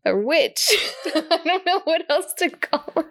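A woman's voice: extremely high pitch, expressive, measured pace, gravelly, dry recording. A woman co-hosting a podcast in casual chat, giggly and chatty, laughing often as she talks. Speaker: podcast co-host.

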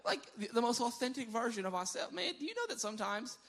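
With an extremely high pitch and a quick pace, a man preaches a chatty sermon as a pastor. He tells stories with real animation, breaks into laughter frequently, and repeats words whenever he restarts a phrase.

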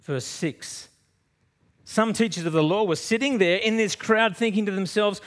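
Aussie pastor preaching, storytelling, goes loud then drops quiet, voice a bit high. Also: male voice, normal speed. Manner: lively storytelling, swings from loud to soft. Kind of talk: sermon.

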